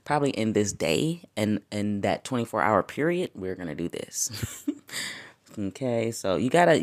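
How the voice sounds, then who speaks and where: A woman hosting her own podcast, telling a personal story in a loose, animated way, swearing freely and laughing often, her pitch and volume swinging widely. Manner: wide swings in pitch and loudness. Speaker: podcast host. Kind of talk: casual spiritual podcast monologue.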